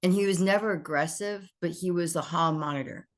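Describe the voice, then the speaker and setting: A woman guest on a podcast, telling lively stories in casual chat and acting out what people said. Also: on the low side, a little fast. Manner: animated storyteller who acts out dialogue.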